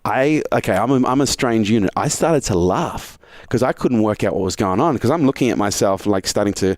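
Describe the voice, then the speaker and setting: A man from Australia, a guest on an interview podcast, telling a story fast and animated, swearing freely. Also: fairly low pitch, no echo, studio quality.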